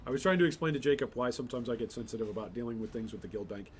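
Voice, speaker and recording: A man's voice: mid-range voice, expressive, very fast, a little hiss or hum. A man hosting a gaming channel, giving casual gameplay commentary with rambling, exasperated asides.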